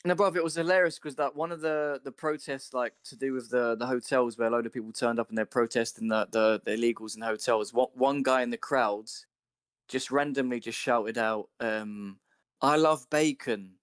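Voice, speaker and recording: A man's voice: medium pitch, steady tone, fairly quick, clear, resonant tone, no echo, studio quality. A man ranting in a casual chat, swearing freely.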